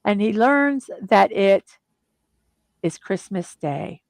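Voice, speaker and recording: A woman's voice: medium pitch, lively intonation, takes it slowly, creaky, darkish tone, no room sound. A middle-aged woman hosting a casual chat, animatedly retelling the plot of a film. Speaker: host.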